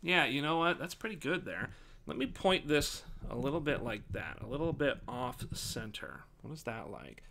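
A man streaming live, thinking aloud and swearing casually as he tests his desk microphone, often projecting near a yell. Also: medium pitch, big pitch swings, normal speed, creaky. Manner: projects loudly, near yelling into the mic. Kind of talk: live stream mic test, casual chat.

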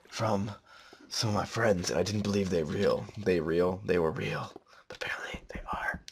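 A man giving rambling, jokey let's play commentary, melodramatic and breaking into loud sudden yelps. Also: sits low, a little hiss or hum. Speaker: gamer.

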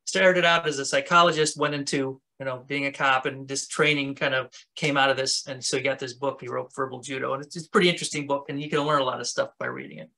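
A man's voice: medium pitch, quick pace, creaky, hardly any pauses, bright, forceful tone. A man teaching a self-defense workshop in a casual, conversational way. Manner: casual, conversational, talks with his hands. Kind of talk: instructional talk.

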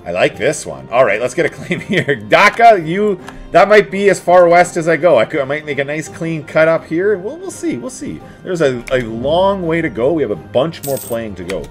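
A man talks his way through a strategy campaign, his voice rising and falling in lively swings. He chats to his troops and enemies with playful asides. Soft music hums faintly underneath. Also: mid-range voice. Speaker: let's play host. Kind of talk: casual strategy game commentary.

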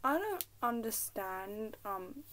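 A woman's voice: a little high, sing-song, slow pace, fairly bright tone, a little hiss or hum. A young woman with an English accent, chatting casually to camera at home, giggling and dropping into whispers. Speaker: vlogger. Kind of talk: casual rambling chat to camera. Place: at home in her room.

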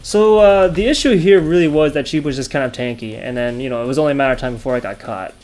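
A man hosting his own gaming channel, talking through his play, yelling and laughing at close calls. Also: mid-range voice, fast talker. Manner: chatty, talks over his play. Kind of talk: gameplay commentary.

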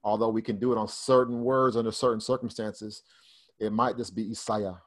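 A Bible Hebrew teacher leads a casual online study session for a group during a fellowship video call, speaking conversationally and often restarting or repeating himself as he explains. His voice is lowish and steady, and he talks a little fast.

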